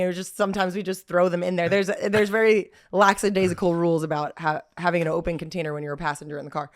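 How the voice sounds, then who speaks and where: A woman's voice: fast, few pauses. A woman, hosting a podcast and telling a story in casual chat, acting out quotes with big jumps in her voice. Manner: animated, acts out quotes with big pitch jumps, laughs often. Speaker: podcast host.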